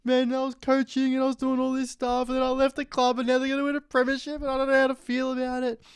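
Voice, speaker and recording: A man's voice: extremely high pitch, completely flat delivery, quick pace, clear, resonant tone, no echo, clean studio sound, pitched above the performer's own voice. A man putting on the voice of a distraught, self-pitying middle-aged football coach. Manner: whiny, self-pitying, wailing.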